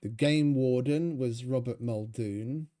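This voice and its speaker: A man's voice: medium pitch, takes it slowly, dark tone. A man giving casual, rambling gameplay commentary as a streamer, chatty and swearing freely. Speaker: gaming streamer.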